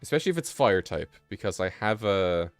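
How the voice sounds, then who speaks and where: A low-voiced man hosts a casual live stream, reading passages aloud and wandering off into offhand asides. His voice sits close and dry on a desk mic. Quiet music plays faintly underneath. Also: very animated, fairly quick, clear, resonant tone, dry recording. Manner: rambling, reads text aloud with offhand asides. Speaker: livestream host.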